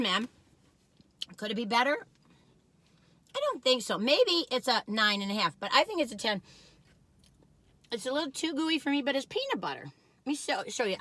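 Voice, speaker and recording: Middle-aged woman, food review vlog, excitable and chatty, bright voice, dry close sound. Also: fairly high pitch, dry recording. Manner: chatty, excitable, talks while eating. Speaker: vlogger reviewing cookies. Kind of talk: casual taste-test chat.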